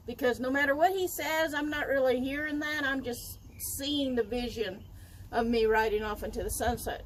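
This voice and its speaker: Older woman, interview guest, high-pitched and lively, laughs easily, natural storyteller. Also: a little hiss or hum, rough recording. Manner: lively, laughs often, acts out dialogue. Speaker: interview guest, wild animal trainer. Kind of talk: animated personal storytelling.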